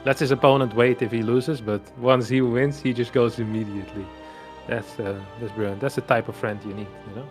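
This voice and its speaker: Guy doing esports play-by-play, gets hyped fast, mid pitch, faint music underneath. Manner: chatty, builds to excited play-by-play. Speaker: esports caster. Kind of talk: live esports commentary.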